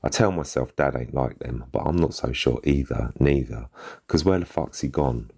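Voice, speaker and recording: Very deep husky male storyteller. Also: moderate pace, darkish tone. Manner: gritty street slang, bitter. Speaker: narrator. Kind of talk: first-person short story reading.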